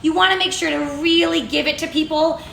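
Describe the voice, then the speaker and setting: A woman hosting a live cooking demonstration in a kitchen, chatty, bubbly and easily excited. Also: extremely high pitch, fast talker, gravelly, echoey room, slight background noise. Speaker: cooking show host.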